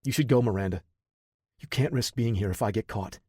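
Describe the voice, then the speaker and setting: A man's voice: fairly low pitch, fairly quick, darkish tone, slightly rough, dry recording, clean studio sound. Brief: male narrator playing a driven young programmer in an audiobook, urgent and earnest.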